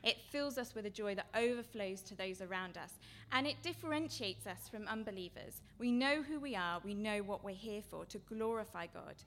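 A woman giving an earnest sermon-style seminar talk, her voice going from quiet to loud. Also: medium pitch, moderate pace, few pauses, a little hiss or hum. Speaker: seminar speaker.

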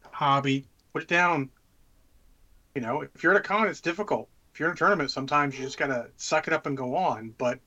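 A man's voice: a little high, bright, forceful tone, highs cut off. A man co-hosting a podcast, chatting casually, cursing freely and handing out easygoing advice. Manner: laid-back, swears freely, gives advice. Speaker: podcast co-host. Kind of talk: casual chat.

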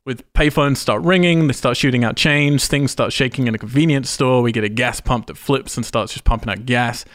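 A man's voice: medium pitch, brisk, fairly bright tone, no echo. Guy gushing about a movie on a podcast, swears a lot, super dry close mic. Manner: enthusiastic, swears casually. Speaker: podcast host. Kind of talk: casual film discussion.

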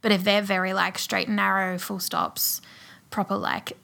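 Bright, gravelly young woman chatting. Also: mid-range voice, level tone, normal speed. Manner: says "like" constantly. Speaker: podcast co-host. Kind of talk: casual chat.

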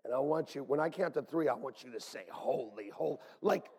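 Husky-voiced animated male pastor. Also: medium pitch, fast, long reverb tail. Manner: animated, swings from loud calls to hushed whispers. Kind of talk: sermon.

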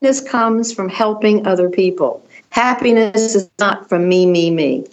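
Older woman telling animated stories. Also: medium pitch, moderate pace, low-quality recording. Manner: animated, tumbling storyteller who often restarts her sentences. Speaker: fashion designer guest. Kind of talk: conversational storytelling.

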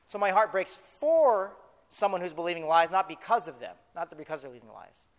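A man preaching a sermon as pastor, lively and emphatic, slowing down to read scripture aloud. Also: high voice, long reverb tail.

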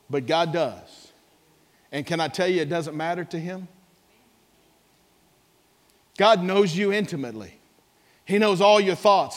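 A man preaching a sermon as pastor, moving between soft low asides and shouted high exclamations and calling on the congregation to answer him. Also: long reverb tail. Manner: calls for audience response.

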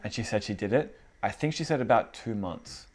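Brief: man preaching to a small group, casual and animated, slightly low voice. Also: fairly quick. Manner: animated, conversational, acts out inner voices. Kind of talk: casual informal sermon. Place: indoor gathering with a small group.

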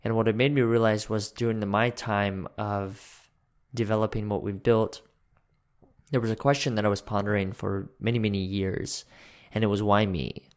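Reflective man host, lowish voice. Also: little pitch movement. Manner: reflective, measured, asks long questions. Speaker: podcast host. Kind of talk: reflective interview questions.

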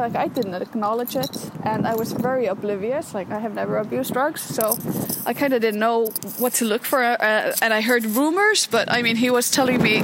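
A young woman candidly telling her own story as a podcast host, rambling and self-mocking, speaking outdoors in the wind. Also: on the high side. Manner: rambling, frank, self-mocking, lots of fillers. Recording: wind and passing traffic noise.

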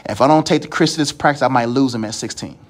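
A man in his thirties giving a casual, animated sermon talk, laughing often as he speaks. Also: medium pitch, quick pace. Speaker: preacher.

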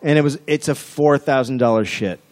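A man's voice: medium pitch, fairly quick, a little mellow, slight background noise. A man from the United States making dry, matter-of-fact wisecracks in casual chat.

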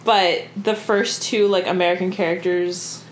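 A woman's voice: lowish voice, steady tone, moderate pace. Casual woman podcaster, rambly and sweary, roomy echo with a faint hiss behind her. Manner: chatty, lots of fillers and swearing, laughs often. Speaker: podcast co-host. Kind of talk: casual book discussion chat. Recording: echoey room with faint background noise.

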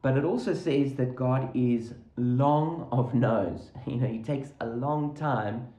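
A man's voice: mid-range voice, slow pace, warm tone, reverberant, poor audio. A man from Africa preaching a sermon, earnestly explaining scripture and Hebrew words.

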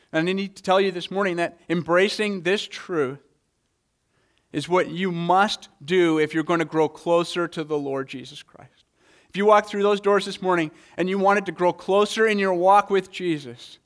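A man preaching a Sunday morning sermon, earnest, often repeating words as he presses a point. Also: sits high. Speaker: pastor.

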